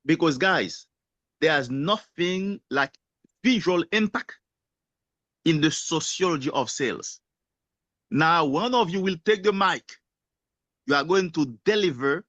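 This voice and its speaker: Rousing high-pitched man pitching sales. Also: a bit bright, dry recording. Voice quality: non-native English. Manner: preachy, rousing, rhetorical questions. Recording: dull lo-fi sound.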